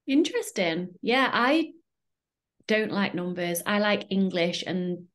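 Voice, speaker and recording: A woman's voice: medium pitch, expressive, slow pace, a bit bright. A woman hosting a podcast and coaching, chatting casually with her guest and laughing often. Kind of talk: casual interview chat.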